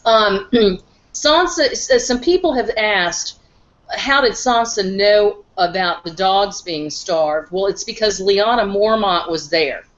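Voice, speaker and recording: A woman's voice: mid-range voice, takes it slowly, a bit bright, muffled recording. A middle-aged woman chatting animatedly as a guest, addressing the others directly. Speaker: guest panelist, the host's mother. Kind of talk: casual discussion.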